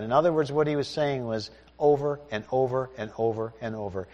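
A man's voice: medium pitch, a little fast, few pauses. A man preaching a sermon, reading scripture aloud and explaining it in a conversational way. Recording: long hall reverb.

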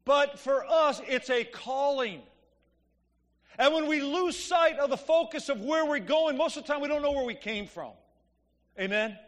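A man with a very high voice preaches a sermon at normal speed, telling stories in a conversational way and asking the congregation "Amen?" The recording carries the long reverb of a church hall.

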